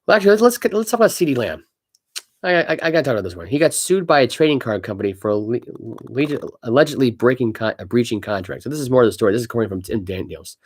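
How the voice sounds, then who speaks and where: Man, sports podcast co-host, casual talk, ranting, average pitch. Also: quick pace, slightly rough. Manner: ranting, animated, reads news aloud with stumbles.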